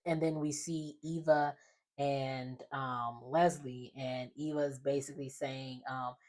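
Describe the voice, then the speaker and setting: A young woman with a noticeably low-pitched voice talks through a soap opera recap in a relaxed, chatty way. She slips into the characters' lines as she retells each scene. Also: takes it slowly. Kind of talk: casual episode recap.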